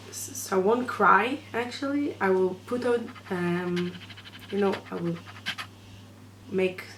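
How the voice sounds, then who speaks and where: A woman who is not a native English speaker, talking in an emotional, hesitant vlog from her room at night, full of fillers and restarts. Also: on the low side. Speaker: fan vlogger. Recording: echoey room, noisy background.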